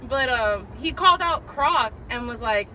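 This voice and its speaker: A woman with a fairly high voice chats about wrestling in a relaxed, teasing way. Clear background noise runs steadily behind her throughout. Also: measured pace, low-quality recording. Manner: laid-back, teasing banter. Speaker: wrestling review co-host. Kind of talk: casual chat.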